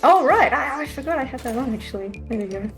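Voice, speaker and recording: A woman's voice: fairly high pitch, fast, gravelly, over music. A woman playing a game with a streamer, chatting casually and laughing often. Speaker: co-player. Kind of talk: casual chat while gaming.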